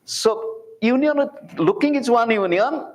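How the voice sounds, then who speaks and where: A man in his sixties with an Indian accent and a notably high-pitched voice delivers a public spiritual talk. He speaks deliberately, repeating phrases and asking rhetorical questions as he teaches. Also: animated, rough recording. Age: 60s.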